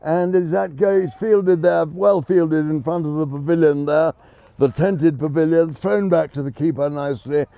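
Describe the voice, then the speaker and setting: A man's voice: on the high side, fairly even intonation, moderate pace, creaky, mellow, dry recording. Genteel man on cricket commentary. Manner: genteel, chatty, self-deprecating. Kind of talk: live ball-by-ball commentary. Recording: dull lo-fi sound.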